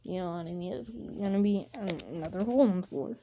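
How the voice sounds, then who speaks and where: Woman, medium pitch, rambling casual storyteller, unhurried; dull lo-fi recording. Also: mellow, a little hiss or hum. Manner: rambling, full of fillers like 'you know'. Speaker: fan storyteller. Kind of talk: casual improvised fan-fiction retelling.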